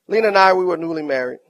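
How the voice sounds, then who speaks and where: A middle-aged man preaching a sermon as pastor, swinging from quiet storytelling to loud, emphatic lines. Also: high-pitched.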